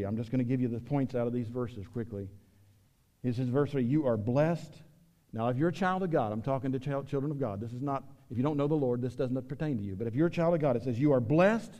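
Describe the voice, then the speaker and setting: A pastor preaching a sermon, swinging between loud emphatic lines and low quiet asides. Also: male voice, in a large hall. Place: church sanctuary.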